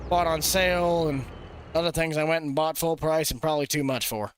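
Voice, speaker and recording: A man's voice: fairly high pitch, fairly even intonation, a little fast, clean tone, dry recording. A young man rambling and joking casually while live-streaming a farming game. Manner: rambling, jokey, laughs often. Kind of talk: casual gameplay chatter.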